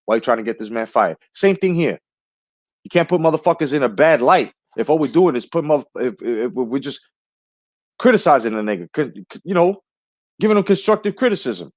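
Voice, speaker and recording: A man hosts a casual boxing livestream, talking in a heated, profane way and frequently repeating himself. His voice is on the high side with big pitch swings, his delivery brisk, and there's no echo.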